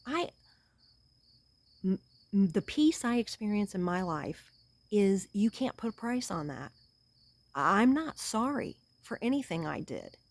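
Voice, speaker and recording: A woman giving an earnest, animated pep talk to her viewers, calling them honey. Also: fairly high pitch, no room sound. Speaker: self-help vlogger. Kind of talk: encouraging talk to camera.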